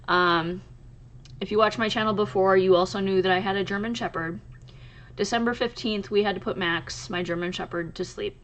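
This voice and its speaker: A woman with a lowish voice hosts a crochet channel, chatting casually to the camera. She speaks softly and haltingly, pausing often and restarting.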